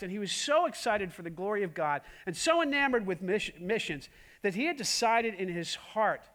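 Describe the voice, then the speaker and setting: A male pastor preaching a sermon, emphatic, with many rhetorical questions and swings between loud and hushed. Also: high voice.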